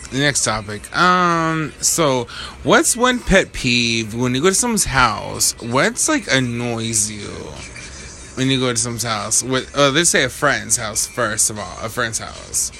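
A young man co-hosting a casual chat, lively and animated, swearing as he acts out little scenes. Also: mid-range voice, gravelly. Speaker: podcast co-host.

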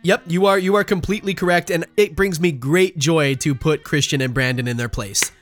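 A man's voice: fairly high pitch, steady tone, brisk, fairly bright tone, slight background noise. A man co-hosting a casual horror podcast, chatting and reading listener messages aloud, laughing often and restarting his sentences. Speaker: podcast co-host.

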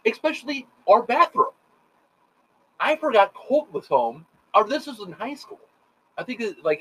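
A middle-aged man telling rambling, profane stories in a casual chat, animated and full of quoted voices. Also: extremely high pitch. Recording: dull lo-fi sound.

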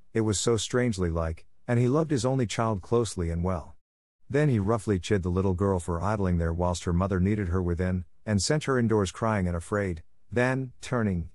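A man narrating a classic story as an audiobook, in a steady, measured reading. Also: fairly low pitch, no room sound, studio quality.

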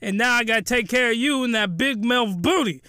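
A man voicing a ranting, angry middle-aged stepfather who yells indignantly. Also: very high voice, fairly quick, smooth, no echo, clean studio sound, voice pushed up. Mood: scolding. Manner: yelling, indignant, scolding.

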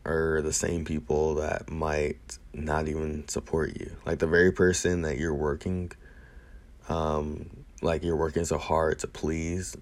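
Young man, very low voice, monotone, casual rambling monologue, earnest, many ums. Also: unhurried. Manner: rambling, full of fillers and restarts; earnest, emotional admiration.

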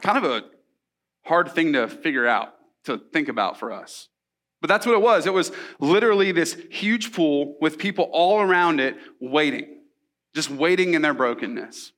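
A man's voice: a little high, lively intonation, normal speed, fairly bright tone. A young man preaching a sermon in a casual, storytelling way, with asides and rhetorical questions. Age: young adult. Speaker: pastor.

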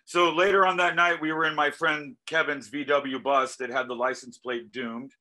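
A male musician talking casually in an interview, telling animated stories, acting out quoted voices and swearing freely. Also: a little high, normal speed, rough recording. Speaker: musician guest.

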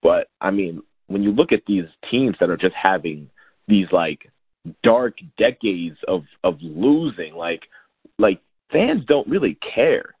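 Low-voiced man rambling about sports. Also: expressive, unhurried, husky, no room sound. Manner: rambling, many restarts. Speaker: podcast co-host. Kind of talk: casual sports chat. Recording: tinny phone-like sound.

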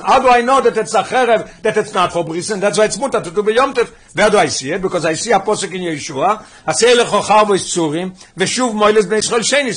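Man teaching a text class, husky voice. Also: high-pitched, a bit bright. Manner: mixes English with Hebrew and Yiddish terms, questioning and explaining; repeats words while working through the text. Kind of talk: lesson on a Talmudic text.

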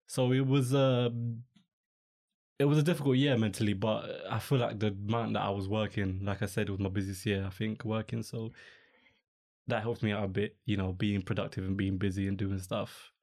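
A young man talks on his podcast in a loose, rambling way, dropping slang and fillers as he goes. His voice sits a little low. It is easygoing, unscripted chat. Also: darkish tone. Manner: rambling, laid-back, peppered with slang and fillers. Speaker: podcast host. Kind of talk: casual chat.

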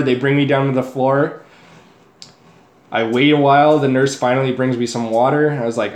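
A man's voice: mid-range voice, steady tone, normal speed. A young man, a podcast co-host, tells a story in casual chat, swearing freely and laughing at himself. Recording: echoey room.

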